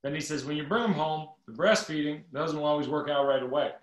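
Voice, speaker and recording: A middle-aged man reading a funny personal story aloud from his book at a virtual event, with quick self-correcting asides. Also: on the high side, echoey room, slight background noise.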